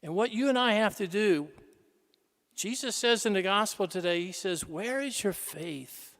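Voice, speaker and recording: A man preaching a sermon in a church, dramatic, swinging between loud exclamations and hushed tones. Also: high-pitched, moderate pace. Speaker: pastor. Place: large church. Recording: reverberant church hall.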